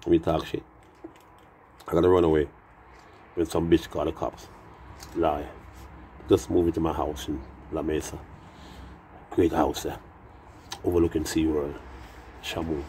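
A man's voice: very deep voice, dark tone, slight background noise. A man rambling in a profane monologue that drifts into half-sung rhymes.

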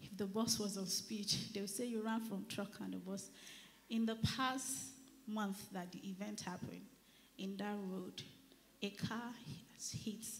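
An earnest Nigerian woman gives a church testimony, her voice sinking to near whispers and then swelling loud. Her voice carries a long reverb from the church hall around her, with faint noise underneath. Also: mid-range voice, gravelly. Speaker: church member giving testimony. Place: church service.

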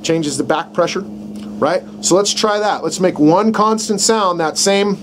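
A man's voice: sits high, unhurried. A middle-aged man teaching outdoors how to use a game call, in a casual, folksy way that keeps checking in with "right?". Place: outdoors in the country, dogs barking nearby. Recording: faint outdoor background noise.

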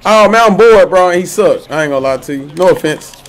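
A man streaming a football video game, trash-talking his opponent loudly with slang, swearing and laughter. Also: sits high, expressive, brisk. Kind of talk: trash-talking gameplay commentary.

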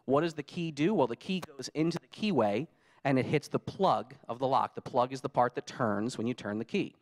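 A man giving a conference talk, telling lively stories and acting out his own frustrated quotes. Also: mid-range voice, brisk. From United States. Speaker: conference speaker. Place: conference hall.

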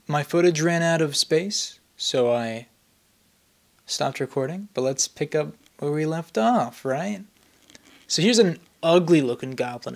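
A young man hosting his channel, giving rambling, playful commentary on images, repeating words for fun. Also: on the high side. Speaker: channel host.

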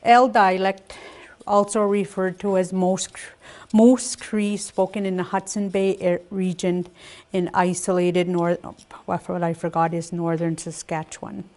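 An older woman teaching a language lesson, speaking slowly and carefully, saying each word twice before she explains it. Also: lowish voice, little pitch movement, a little mellow. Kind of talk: slow spoken language lesson.

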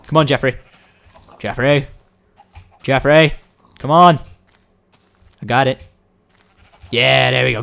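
A young man giving excitable, rambling let's-play commentary, coaxing and shouting at the game. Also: medium pitch, measured pace, creaky, long pauses, faint music behind. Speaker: gaming video host.

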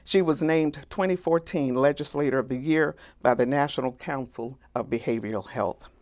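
A woman directing a lecture series, reading a formal, measured introduction of a guest. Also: extremely low pitch, a little mellow. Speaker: program director, host. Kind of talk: scripted introduction.

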